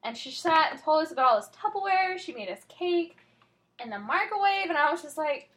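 A woman's voice: sits high, animated, fairly quick, fairly bright tone. A woman co-hosting a podcast, chatting casually with a joking, self-deprecating manner. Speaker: podcast co-host. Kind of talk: casual chat.

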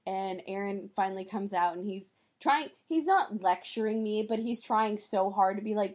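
A woman's voice: mid-range voice, normal speed, darkish tone. A woman co-hosting a podcast, telling a story in a casual chat and acting out the people she quotes, with profanity. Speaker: podcast co-host.

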